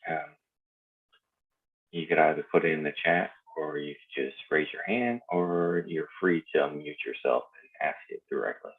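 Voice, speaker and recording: A man's voice: a bass voice, fairly even intonation, moderate pace, breathy edge. A man moderating a video call session, informally inviting questions from participants. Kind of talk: announcing the question period. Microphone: video call audio. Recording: tinny phone-like line.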